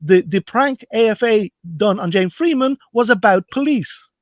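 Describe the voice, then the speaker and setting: Male panelist, high voice, insistent and repetitive, dry close audio. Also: animated, normal speed, no room sound. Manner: insistent, keeps pleading to finish his point. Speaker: panelist in a call-in debate. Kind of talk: heated online panel debate.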